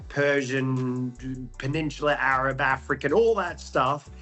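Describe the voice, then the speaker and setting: Soft music plays behind a young Australian man speaking a little slowly in a mid-range voice that's pushed and bright. A guest in an interview, he tells his story, jokes often, and fills with ums and restarts.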